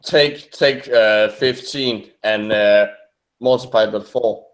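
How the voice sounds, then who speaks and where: A man's voice: on the low side, slow pace, poor audio. A young man chatting casually while commenting on a video, hesitant and full of restarts. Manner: hesitant, many restarts, laughs often.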